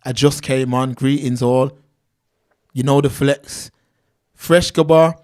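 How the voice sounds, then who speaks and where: A man's voice: mid-range voice, fairly even intonation, slow pace, a little mellow. A man, hosting a casual livestream and reading viewers' names and comments aloud in street slang. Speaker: livestream host reading chat.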